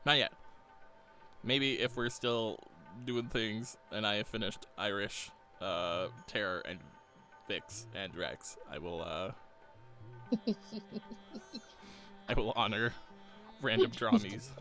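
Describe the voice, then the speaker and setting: A man's voice: lowish voice, big pitch swings, slow pace, long pauses, bright, forceful tone. A man streaming live while he draws, rambling casually, chuckling often and reading chat aloud. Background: faint game soundtrack music.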